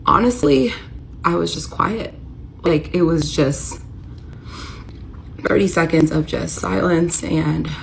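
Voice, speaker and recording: A woman's voice: low-pitched, vocal fry, a little hiss or hum, rough recording. An American woman in her thirties telling an emotional personal story in a confessional storytime style. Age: 30s. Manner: emotional, rising to near-shouting when retelling the confrontation.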